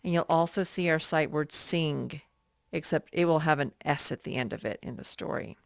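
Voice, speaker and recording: A woman teacher leading an early reading lesson for young children, patient and repeating words slowly. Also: low-pitched, vocal fry, no room sound, studio quality.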